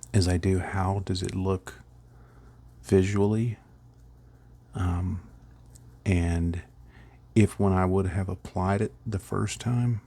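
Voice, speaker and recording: A man's voice: low-pitched, gravelly, a little mellow. A middle-aged man casually rambling through a miniature painting tutorial, chuckling at his own slips.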